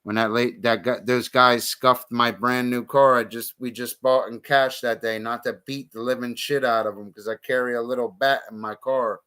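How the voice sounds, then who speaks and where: A man's voice: mid-range voice, level tone, normal speed, hardly any pauses, bright, forceful tone, clear, resonant tone. A man streaming a casual monologue, talking bluntly and profanely with heated outbursts.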